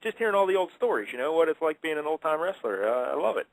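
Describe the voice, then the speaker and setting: A man's voice: a little high, very animated, quick pace, creaky, dry recording, poor audio. A man hosting a radio show, interviewing a guest in a chatty, joking way.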